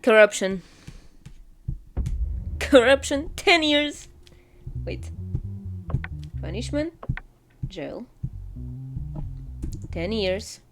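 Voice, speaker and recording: A woman talking through a courtroom game, playful and quick to exclaim, reading on-screen text aloud. Her voice sits fairly high and her delivery is unhurried. Soft guitar music plays behind her. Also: sing-song. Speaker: gamer. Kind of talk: casual gameplay commentary.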